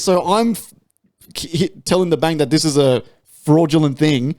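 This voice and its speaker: A young adult man with an Australian accent, co-hosting a casual podcast chat and telling stories with lots of swearing and sudden jumps in pitch. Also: normal speed. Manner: animated storytelling, swears freely, big pitch jumps when ranting. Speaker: podcast co-host.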